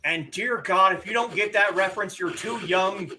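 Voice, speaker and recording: Middle-aged guy streaming a game, high bright voice, cracking jokes, faint keyboard clicks. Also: moderate pace, a little hiss or hum. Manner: joking, bantering with chat. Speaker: livestream gamer. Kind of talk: casual livestream chat.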